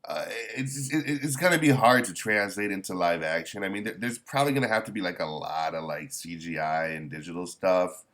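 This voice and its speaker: A man chatting casually as a manga reviewer, rambling and halting, with candid, mildly profane remarks. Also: sits low, fairly bright tone. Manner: rambling, halting with many restarts. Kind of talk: casual chat.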